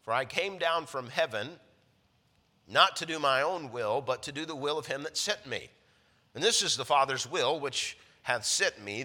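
A hoarse man preaching, reading scripture aloud to a congregation with mounting emphasis. His voice is bright and forward despite the frog in his throat. The sound rings out with a long reverb, as in a church hall. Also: mid-range voice. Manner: reads scripture with rising emphasis. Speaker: pastor.

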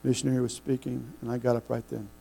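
A middle-aged man preaching a sermon, telling folksy stories with halting restarts. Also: medium pitch, completely flat delivery, gravelly, dark tone, rough recording. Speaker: pastor.

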